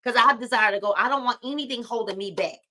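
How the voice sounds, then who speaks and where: A woman's voice: a little high, fast, sharp tone. A woman hosting a live book club stream, preachy and encouraging, often repeating her phrases.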